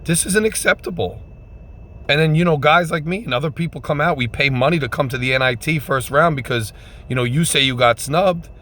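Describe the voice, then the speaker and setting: A man giving an emphatic, repetitive postgame rant as a fan vlogger, swinging between loud outbursts and subdued sadness. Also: a little high, brisk.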